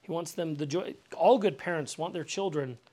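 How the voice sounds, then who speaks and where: Fairly high-voiced man preaching conversationally. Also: normal speed, warm tone. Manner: conversational, repeats words, asks the room questions. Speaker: pastor. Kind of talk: sermon teaching. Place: house.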